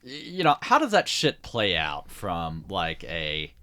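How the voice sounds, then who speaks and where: A man's voice: deep voice, wildly swooping pitch, measured pace, pushed and bright. A man co-hosting a podcast in casual chat, riffing on movie scenes with swearing and imagined behind-the-scenes dialogue. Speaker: podcast co-host.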